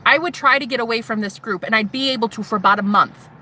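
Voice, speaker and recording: Sassy, animated woman with a bright voice. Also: fairly high pitch, fast, hardly any pauses, a little hiss or hum. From United States. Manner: animated, sassy, calls viewer "honey"; swears freely, shouts mocking retorts. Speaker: vlogger. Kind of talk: personal testimony to camera.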